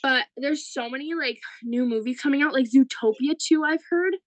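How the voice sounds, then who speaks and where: High-pitched young woman, chatty and excitable, super dry sound. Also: moderate pace, dry recording, poor audio. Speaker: podcast co-host. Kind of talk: casual chat.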